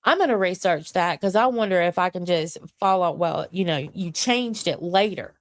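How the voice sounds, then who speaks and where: Forty-something woman streaming from her desk at home, low-ish voice, rambly and cussing, dry close sound. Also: normal speed, no room sound. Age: 40s. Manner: rambling, profane, frustrated and venting. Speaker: livestream host. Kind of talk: casual livestream chat. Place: home computer desk with several monitors.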